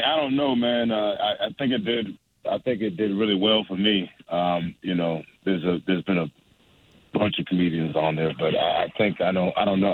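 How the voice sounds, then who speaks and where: A man's voice: sits low, breathy edge, dry recording. A young adult man, a stand-up comedian, chatting casually and rambling with many restarts and laughs. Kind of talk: casual phone interview. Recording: dry phone line.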